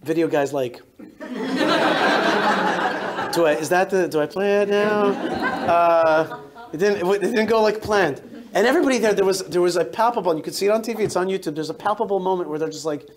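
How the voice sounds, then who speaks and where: In a synagogue hall, a rabbi with a fairly high voice speaks a little fast to the crowd as at a live talk. His storytelling is animated and emphatic, and he frequently interrupts himself, stopping and restarting sentences.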